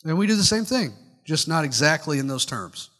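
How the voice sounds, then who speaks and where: A man preaching a sermon in a high, bright voice that carries a long reverb through the church sanctuary. He talks conversationally with wry asides and keeps putting questions straight to his listeners. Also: sing-song, brisk. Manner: conversational, questions the congregation directly. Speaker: pastor.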